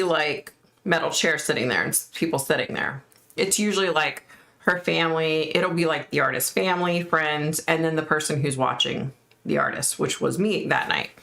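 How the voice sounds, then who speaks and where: A woman's voice: sits low, creaky, a bit bright. A woman host chatting casually and telling a story, acting out the voices she quotes.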